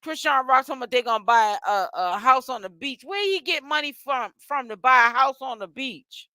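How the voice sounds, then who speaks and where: A woman's voice: high-pitched, expressive, normal speed, pushed and bright, no echo, clean studio sound. A woman hosting a gossip commentary vlog, talking in a sassy, chatty way with lots of "honey" and "child" asides. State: tired and yawning while fasting. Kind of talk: casual chat.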